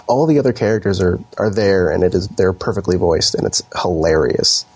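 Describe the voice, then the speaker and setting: Husky, low-voiced man in loose chat. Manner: relaxed, rambling, lots of fillers and quick laughs. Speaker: podcast co-host. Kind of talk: casual chat.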